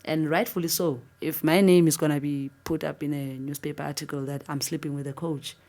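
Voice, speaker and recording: Low-pitched South African woman, interviewee, animated earnest storyteller. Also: a little fast. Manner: earnest, animated retelling, voice jumping up for disbelief. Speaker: interviewee, former football captain.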